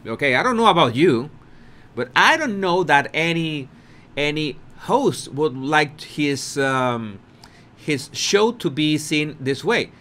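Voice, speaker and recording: Guy doing slow chatty commentary, pitch swings all over, keeps repeating himself. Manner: repetitive, restarts often, animated with laughter. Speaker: video commentator. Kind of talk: casual video commentary.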